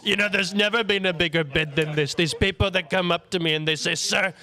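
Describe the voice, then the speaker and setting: A man doing an impression of a boastful older politician, talking in slow, repetitive, self-praising phrases. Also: sits high, steady tone, sharp tone.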